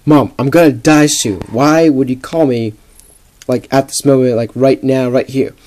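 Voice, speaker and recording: A man's voice: medium pitch, steady tone, darkish tone, close to an everyday voice. A young man voicing a lazy, whiny sick boy in a comic-book story. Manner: whiny, quick.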